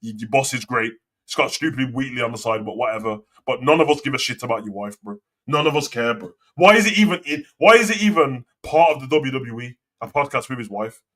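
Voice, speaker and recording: A man's voice: medium pitch, fast talker, fairly bright tone. A young man hosting a live wrestling talk show, ranting and swearing in casual slang. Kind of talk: casual live commentary and rant.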